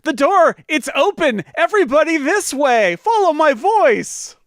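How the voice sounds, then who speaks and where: A man voicing a panicky, paranoid party guest who stammers, chokes on gas, and shouts to the crowd. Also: very high-pitched, very animated, measured pace, no room sound, studio quality, full character voice. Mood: shouting. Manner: stammering, frantic, then shouting.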